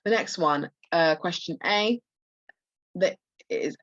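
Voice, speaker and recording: Hoarse woman tutoring over dull call audio. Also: lowish voice, takes it slowly, fairly bright tone, no echo. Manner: explains answers with many restarts and fillers. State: losing her voice. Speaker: medical school admissions tutor. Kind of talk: live online practice test walkthrough.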